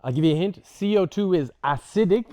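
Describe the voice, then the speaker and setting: A man teaching a breathwork workshop to a group, casual and lively, swearing now and then and acting out examples. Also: high-pitched, brisk. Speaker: breathwork instructor.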